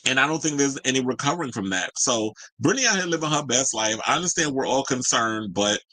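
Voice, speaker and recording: A man hosting a celebrity gossip show, talking in a sassy, animated way with slangy asides. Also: medium pitch, fast talker, no echo, low-quality recording. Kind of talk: casual gossip commentary. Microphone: home streaming mic.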